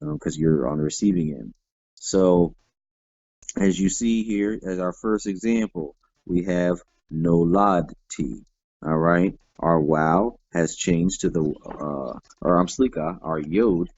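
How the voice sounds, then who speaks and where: Slow, deep-voiced man teaching grammar. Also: darkish tone. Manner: patient, explains step by step, many "all right" fillers. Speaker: Hebrew teacher. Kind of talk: classroom grammar lesson. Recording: dull lo-fi dry sound.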